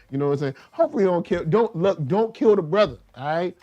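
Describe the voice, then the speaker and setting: A man hosting a casual review show, talking in animated slang and acting out characters in quick asides. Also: a little high. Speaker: show host reviewing a TV series.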